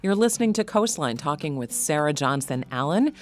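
A woman hosting a public radio interview, asking questions in a measured way. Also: low-pitched, animated, soft background music. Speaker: radio host.

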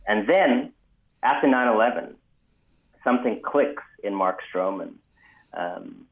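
Male author guest, low voice, measured with ums, phone-line audio. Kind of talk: radio interview storytelling.

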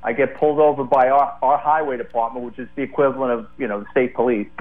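A middle-aged man tells lively anecdotes at a medium pitch. His voice comes through a narrow, tinny phone line. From the Bronx, New York. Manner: animated, quick to tell a funny story. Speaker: guest, retired police detective. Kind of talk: casual storytelling. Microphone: phone call.

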